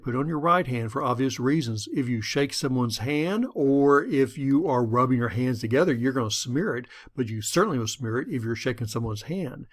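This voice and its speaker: Folksy man teaching public speaking. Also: medium pitch. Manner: folksy, conversational, explains step by step. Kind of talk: instructional talk to camera.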